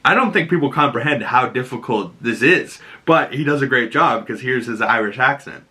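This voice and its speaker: Excitable man breaking down a TV episode. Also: medium pitch, moderate pace, soft background music. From Boston area. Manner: excited, animated, laughs often, acts out lines. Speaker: show breakdown host. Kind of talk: casual commentary.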